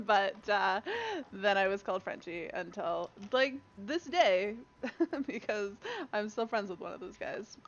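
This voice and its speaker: A woman's voice: on the high side, lively intonation, a little slow, a bit bright. A young Canadian woman streaming a game, chatting and laughing with viewers and a friend. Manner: chatty, laughs often, talks to chat and a friend. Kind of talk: casual gaming stream chat. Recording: dull lo-fi stream audio.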